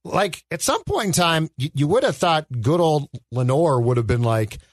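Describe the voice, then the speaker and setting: Dude on a movie podcast, lively up-and-down voice, rambly, dry sound. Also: male voice, a little high, moderate pace, no room sound. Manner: animated, rambling with restarts. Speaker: podcast co-host. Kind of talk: casual film chat.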